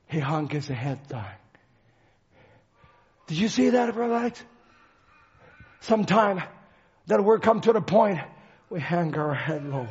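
A male preacher giving a dramatic sermon, swinging from shouts to hushed lines, on a dull lo-fi recording. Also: on the high side, expressive, a little slow, long pauses, breathy edge.

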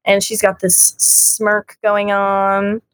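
A woman's voice: mid-range voice, completely flat delivery, slow pace, no room sound. A woman co-hosting a casual chat about a comic, frank and giggly, acting out lines as she goes. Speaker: podcast co-host.

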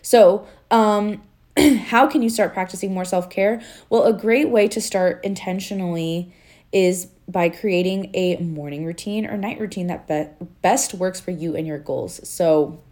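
Woman podcast host, low and warm voice, earnest chatty delivery with many fillers. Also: a little slow. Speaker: podcast host and life coach. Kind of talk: casual faith-based podcast talk.

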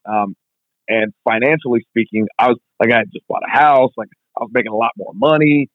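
A man's voice: medium pitch, no echo. Man telling stories over a tinny line. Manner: fast, filler-heavy, constant "like". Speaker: strength coach, guest. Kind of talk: casual interview storytelling. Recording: tinny phone-like line, dry.

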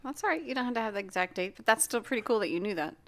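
A woman's voice: mid-range voice, lively intonation, very fast, fairly bright tone. A woman hosting a casual podcast chat, asking questions in a teasing, encouraging way. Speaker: podcast host.

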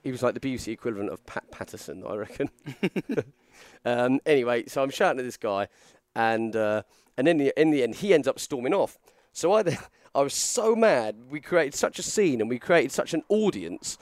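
Young man, lively anecdote teller, quotes people in character, dry studio mic. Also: medium pitch, normal speed, dry recording. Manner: animated storyteller, acts out quotes, frequent fillers and restarts. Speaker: podcast co-host telling a story. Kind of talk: casual storytelling chat.

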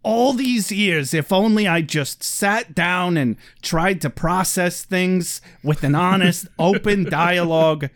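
A man's voice: high-pitched, slow, hardly any pauses, a bit bright. A man voicing an emotionally closed-off father who talks down to his son and turns awkwardly sentimental. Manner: condescending, then clumsily sentimental.

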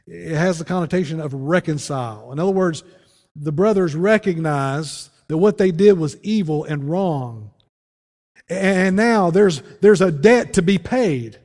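A man preaching as pastor, earnest, often dropping low and quiet to press a point. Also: expressive, unhurried, long reverb tail. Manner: earnest preaching, voice drops low and soft on key phrases. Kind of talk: sermon.

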